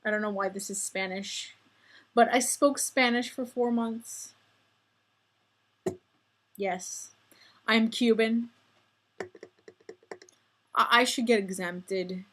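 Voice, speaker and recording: Woman, 20s, vlogger; chatty, self-deprecating, slow unhurried delivery. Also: on the high side, fairly even intonation, a bit bright. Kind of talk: casual vlog monologue.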